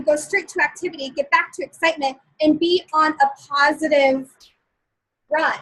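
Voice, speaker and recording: A woman with a very high voice talks through a motivational lesson to a live online audience. She sounds chatty and upbeat, laughs often between points, and keeps checking that her listeners are still with her. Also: low-quality recording. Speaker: motivational speaker. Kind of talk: live-streamed motivational talk.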